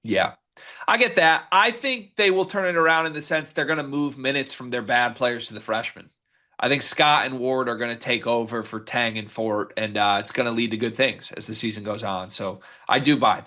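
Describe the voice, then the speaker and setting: A man's voice: mid-range voice, bright, forceful tone. A man co-hosting a sports podcast, reading out stats and setting up each question in casual chat. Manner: runs the segment, reads stats and sets up each question. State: hiccuping. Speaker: podcast co-host.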